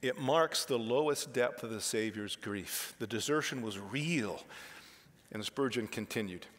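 Guy preaching a fired-up sermon, goes quiet then loud, echoey church hall. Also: mid-range voice, measured pace. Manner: impassioned, swings from hushed to loud. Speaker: pastor. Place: church sanctuary. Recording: reverberant hall.

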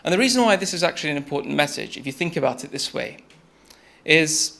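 This young man talks fast in a noticeably high, gravelly voice, giving a TED-style talk built around a story. The tone is relaxed and chatty, and he addresses his listeners directly as "you."

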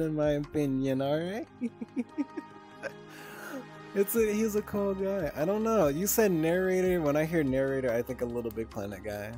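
A man's voice: on the high side, moderate pace, mellow, faint music behind. A man livestreaming, chatting casually with his viewers, swearing often, laughing easily and getting flustered and teasing in turn. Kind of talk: casual stream chat with viewers.

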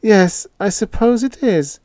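A nosy, kind-hearted old landlady who chirps and frets in a thin, high voice, as a man puts her on. Her pitch leaps around in a lively way. The sound is close and completely dry, like a storybook read aloud. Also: measured pace, no echo. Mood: flustered. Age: older. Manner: chirpy, flustered, high falsetto. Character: fussy meddling elderly female landlady.

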